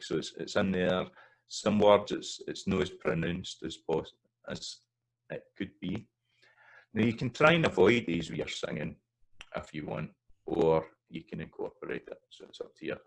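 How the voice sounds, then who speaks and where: A man's voice: sits low, vocal fry, poor audio. A Scottish man explaining pronunciation over slides and saying example words and rhythms aloud to show how they sound. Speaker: language teacher.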